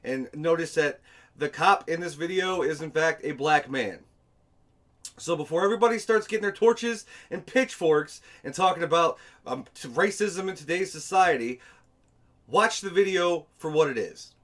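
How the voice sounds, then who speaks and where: A man's voice: fairly high pitch, lively intonation, normal speed, a bit bright. A man hosting a commentary video, talking in a sarcastic, exasperated way and swearing now and then. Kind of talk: casual commentary over footage.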